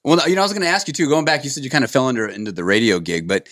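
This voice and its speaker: A man co-hosting a podcast, asking upbeat, quick follow-up questions. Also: medium pitch, very animated, a bit bright, no room sound, clean studio sound. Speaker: podcast co-host. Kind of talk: casual interviewing.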